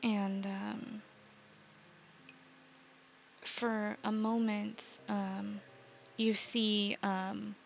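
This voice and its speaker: Woman running a tabletop game, slow and halting, lo-fi sound with faint music behind. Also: medium pitch, level tone, vocal fry, a little hiss or hum. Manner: halting, filler-heavy narration. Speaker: game master.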